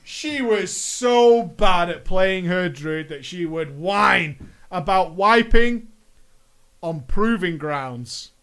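A young American man with a high voice tells a rambling gaming story. He talks in a playful, joking way and slows into drawn-out mock-dramatic phrases. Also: animated, a bit bright, clear, resonant tone. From United States. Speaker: gaming vlogger. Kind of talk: casual storytelling monologue.

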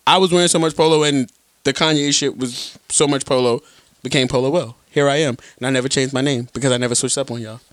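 A man's voice: mid-range voice, fairly even intonation, fast, dry recording. A man co-hosting a podcast, joking loosely and swearing freely in casual banter with friends. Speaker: podcast co-host.

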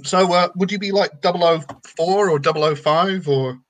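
High-voiced middle-aged man hosting comedy. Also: moderate pace, fairly bright tone. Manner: wry, self-deprecating banter. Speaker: comedy show host. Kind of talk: online comedy show hosting.

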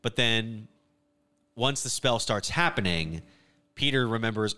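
A man co-hosting a casual podcast, retelling a film plot in an animated way with quick quoted lines. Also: on the low side. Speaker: podcast co-host. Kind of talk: casual movie recap chat.

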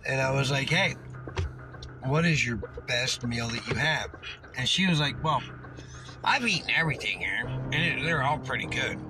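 A tipsy man with a Missouri accent hosting a casual podcast, telling a rambling, profane story that keeps getting more excited. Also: mid-range voice, moderate pace, over music, poor audio. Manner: profane, excitable, slurring a little. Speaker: podcast host.

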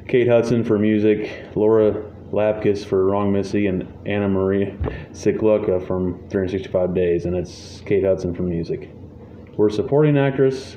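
A man's voice: on the low side, warm tone. A man hosting a casual podcast, reading award nominees aloud with wry asides. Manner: reads lists, wry asides, chuckles. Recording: echoey room, dull lo-fi sound, faint noise.

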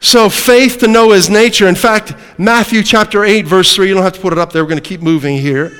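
High-voiced male preacher in echoing hall. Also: fairly quick, fairly bright tone, smooth. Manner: emphatic, rhetorical questions to the congregation. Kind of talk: sermon.

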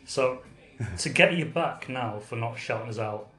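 A man from Britain co-hosting a podcast, trading crude deadpan jokes in casual banter. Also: mid-range voice, measured pace. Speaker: podcast co-host. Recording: roomy echo.

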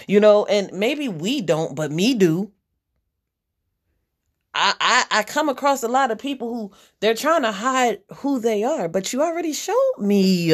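Speaking at a medium pitch, a woman presents a general spiritual reading on her podcast in the form of a blunt pep talk laced with profanity, circling back to repeat her key lines.

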